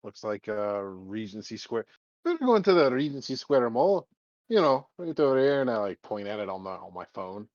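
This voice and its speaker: A man's voice: fairly low pitch, moderate pace, no room sound. A man playing a tabletop role-playing game, talking bluntly and swearing often. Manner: profane, blunt, animated. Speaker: player. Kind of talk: casual tabletop role-play chat. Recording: dull lo-fi sound.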